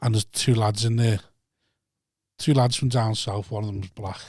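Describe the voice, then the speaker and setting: A man's voice: fairly low pitch, fairly even intonation, normal speed, a little mellow, no room sound, studio quality. A man with a Liverpool accent, a podcast guest telling laid-back stories in casual chat and swearing freely.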